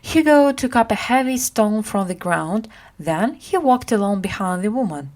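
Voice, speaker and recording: A woman reading a simplified classic story aloud for English learners, acting out the characters as she goes. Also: moderate pace. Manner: acts out characters with lively pitch.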